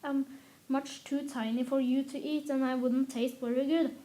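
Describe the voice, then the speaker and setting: A woman's voice: high voice, level tone, moderate pace, dark tone, natural voice. A woman reading aloud as the smallest billy goat, who begs the troll in a little voice. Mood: pleading. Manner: pleading, small voice. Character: tiny young billy goat, pleading and timid.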